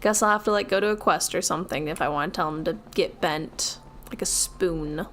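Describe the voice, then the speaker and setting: A woman's voice: on the low side, brisk, fairly bright tone, a little hiss or hum. A woman from the US, a streamer, chatting casually and jokingly while she plays a game. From Seattle, US. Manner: jokey and self-mocking. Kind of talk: casual gaming commentary.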